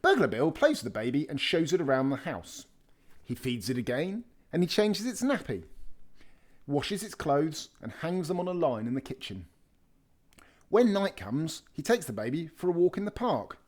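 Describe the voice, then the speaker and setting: A man reading a children's picture book aloud with lively, expressive storytelling. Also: fairly high pitch, moderate pace. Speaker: storybook reader.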